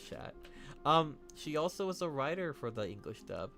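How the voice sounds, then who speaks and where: Young male streamer, animated and bright-toned, excitable, swears freely, casual chat with viewers. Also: on the high side, normal speed, faint music behind. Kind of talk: casual live-stream chat while drawing.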